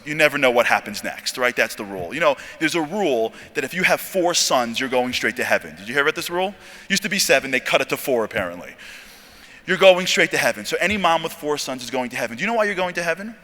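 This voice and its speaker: Animated man telling a story in a hall. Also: fairly high pitch. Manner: animated, jokey, acts out dialogue. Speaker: speaker at a convention. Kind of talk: storytelling sermon talk. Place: large convention hall. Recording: long hall reverb.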